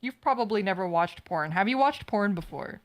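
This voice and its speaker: A woman's voice: mid-range voice, lively intonation, moderate pace. A woman co-hosting a casual anime podcast, blunt and profane, talking in long filler-heavy rants. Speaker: podcast co-host.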